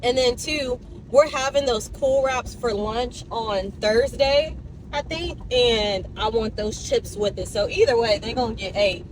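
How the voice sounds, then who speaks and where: A woman's voice: a little high, a little slow, a little hiss or hum, rough recording. A young woman vlogging casually from her car and a convenience store, talking expressively, ranting and swearing. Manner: expressive, animated, swears and rants. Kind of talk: casual vlog chat.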